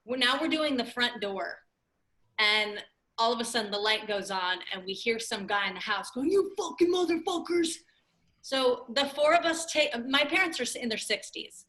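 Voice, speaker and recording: A woman in her late twenties, a comedian telling an animated story full of "like"s on a podcast. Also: fairly high pitch, moderate pace. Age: late 20s. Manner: animated, laughing storyteller with many "like"s. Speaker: comedian guest.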